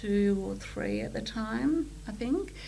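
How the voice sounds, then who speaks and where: A middle-aged Australian woman with an Australian accent, guest on a podcast, telling her story in animated casual chat and acting out quotes. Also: mid-range voice, takes it slowly, vocal fry, slight background noise, rough recording.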